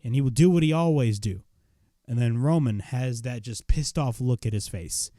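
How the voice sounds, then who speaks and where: A man retelling a wrestling show in a casual, excitable recap, swearing freely as he goes. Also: medium pitch, moderate pace, no room sound, clean studio sound.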